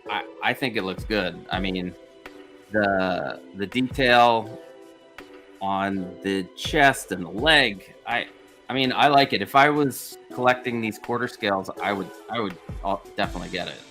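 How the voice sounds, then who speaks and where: A man's voice: lowish voice, measured pace, pushed and bright, faint music behind. A man chatting casually as a guest on a livestream, laid-back and jokey. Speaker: guest panelist. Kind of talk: casual chat.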